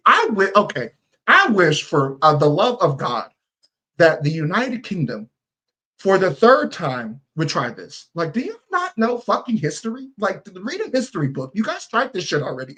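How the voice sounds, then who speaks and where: A man, co-hosting a podcast in heated, profane casual chat. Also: fairly bright tone. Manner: heated, profane, swings up and down in pitch. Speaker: podcast co-host.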